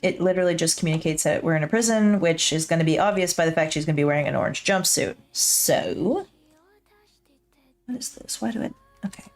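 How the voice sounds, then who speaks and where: A woman's voice: low voice, lively intonation, a little fast. A woman artist thinking aloud while she draws, chatty and self-deprecating, joking to herself into her desk mic. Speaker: digital artist streaming her work. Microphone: her own desk mic with a pop filter.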